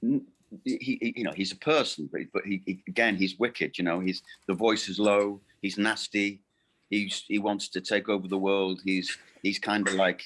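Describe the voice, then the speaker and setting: A middle-aged man in a casual interview, speaking in halting bursts with many restarts and fillers, with a gravelly low voice. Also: fairly even intonation, a bit bright. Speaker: voice actor guest.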